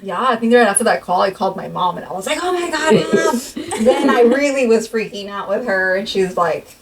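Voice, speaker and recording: A woman in casual podcast chat who tells her story excitably, switching between gushing and hushed. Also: on the high side, a little fast, heavy background noise.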